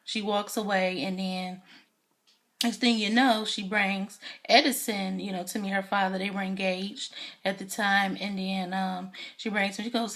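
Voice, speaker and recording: A woman's voice: medium pitch, steady tone, unhurried, fairly bright tone. A woman casually recapping a TV episode for her channel, chatty and enthusiastic, with lots of fillers. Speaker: YouTube TV recap reviewer.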